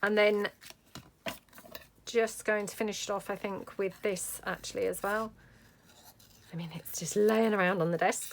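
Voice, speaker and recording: Lady vlogger, bit of fry in her voice, just chatting away while she crafts. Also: medium pitch, a little hiss or hum. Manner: chatty, thinks aloud while working. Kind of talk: casual crafting tutorial chat.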